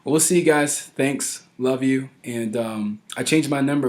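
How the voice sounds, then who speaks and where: A man's voice: medium pitch, unhurried, few pauses. A man in his thirties talking casually and earnestly to his followers, rambling and pressing his points harder as he goes. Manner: earnest, rambling, keeps asking "right?"; grows forceful when stressing a point. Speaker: vlogger addressing followers. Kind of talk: casual direct-to-camera talk.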